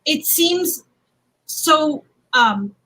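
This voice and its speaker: A woman's voice: high-pitched, expressive, very slow, pushed and bright, rough recording. A woman moderating a casual livestream panel, chatty and playful, laughing often, on a video call from home.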